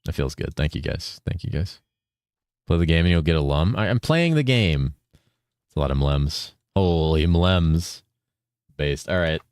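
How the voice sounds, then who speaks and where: With a bass voice and sing-song delivery at a moderate pace, a Californian streamer chats casually with viewers while gaming. He reads chat aloud, swears often and says "dude" constantly in a laid-back way. The recording is dry, studio quality and clean in tone.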